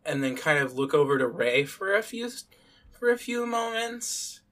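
A man's voice: fairly high pitch, big pitch swings, normal speed, fairly bright tone. A man as game master, narrating a tabletop game in a casual, filler-heavy way.

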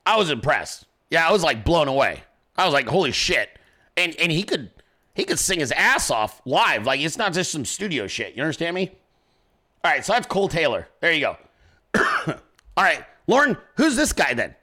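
A man hosting his own show, chatting casually in a rambling, profane, excitable way. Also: a little high, moderate pace. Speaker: podcast host. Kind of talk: casual chat.

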